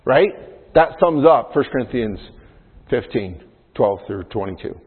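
A man's voice: medium pitch, animated, unhurried, breathy edge. A male pastor preaching a sermon in a conversational way, often checking in with "right?" as he explains Scripture. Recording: phone-like sound in a long-reverb hall.

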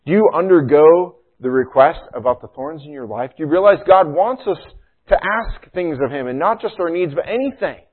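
A man's voice: fairly high pitch, animated, moderate pace, breathy edge. Man preaching over a tinny line. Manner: conversational preaching, frequent "you know" and "right?". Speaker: pastor. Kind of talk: sermon. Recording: thin phone-like sound.

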